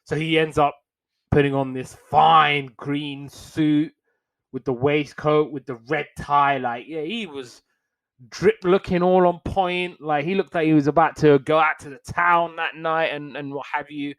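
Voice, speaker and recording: Young man, chatty animated recap. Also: a little high, clean tone, rough recording. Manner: animated retelling, acts out characters' lines in quick put-on voices; wry, slangy asides. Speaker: podcast host reviewing old cartoons. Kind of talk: casual episode recap.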